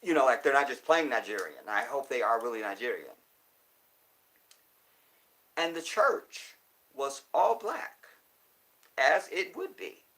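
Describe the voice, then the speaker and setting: A man's voice: medium pitch, unhurried, pauses often, poor audio. Emphatic man ranting to camera. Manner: animated, emphatic, repeats points for stress. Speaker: commentator. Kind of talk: casual monologue.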